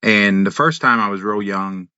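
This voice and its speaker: Guy in his 50s spinning wild stories, bright forceful voice, kinda dull dry recording. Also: on the low side, moderate pace, smooth, no echo. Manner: animated storyteller, acts out voices, laughs, swears. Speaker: podcast guest, wrestler and musician. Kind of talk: casual storytelling.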